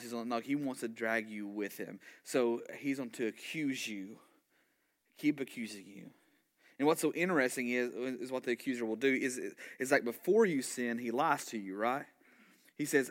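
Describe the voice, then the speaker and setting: Animated male pastor preaching a sermon. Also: mid-range voice, moderate pace. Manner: animated, with frequent restarts and repeated words; asks the congregation rhetorical questions and call-and-response.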